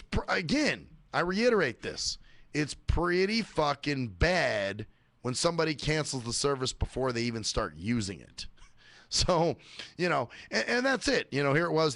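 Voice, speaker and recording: Profane ranting man, gravelly voice. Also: medium pitch, a bit bright, no echo. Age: adult working age. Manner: profane, sarcastic, mocking. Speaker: radio show host. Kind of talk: ranting monologue.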